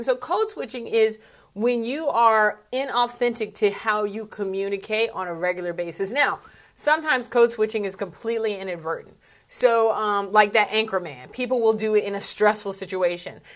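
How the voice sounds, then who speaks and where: A woman speaking coach talking casually to camera in a vlog, chatty and candid, with plenty of asides. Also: a little high.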